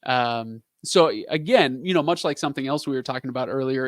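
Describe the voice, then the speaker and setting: A man in his thirties hosts a casual live stream, answering viewer questions in a rambling, chatty way packed with fillers. His voice is medium-pitched and brisk, captured in studio quality with no echo.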